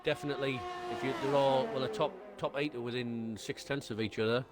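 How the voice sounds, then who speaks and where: A man's voice: mid-range voice, steady tone, brisk. Male co-commentator, ordinary mid voice, rambling, joke-teller. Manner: chatty, trips over his words, tells jokes. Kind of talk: live race commentary.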